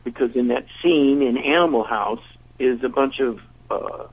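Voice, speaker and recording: An older man, a musician and interview guest, telling a long anecdote in a lively way and acting out the voices of the people in it. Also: mid-range voice, normal speed, husky, phone-quality sound. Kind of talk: storytelling in an interview.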